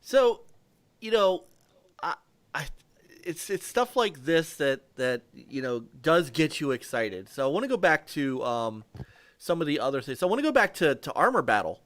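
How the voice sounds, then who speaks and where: Jokey guy hosting, bright edgy tone, swoops all over. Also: on the high side, big pitch swings, normal speed. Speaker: show host. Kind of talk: casual chat.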